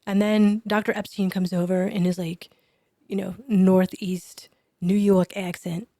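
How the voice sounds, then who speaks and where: A woman chiropractor, a guest on a podcast, telling a personal story in an animated way and dropping to a whisper for her remembered thoughts. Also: medium pitch, a little slow, no echo, clean studio sound. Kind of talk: storytelling in an interview.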